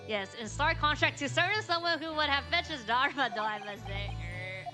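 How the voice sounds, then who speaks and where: A woman's voice: high voice, lively intonation, normal speed, hardly any pauses. Woman streamer reading game dialogue aloud. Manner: reads every character's lines herself, with casual asides and swearing. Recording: game music playing underneath.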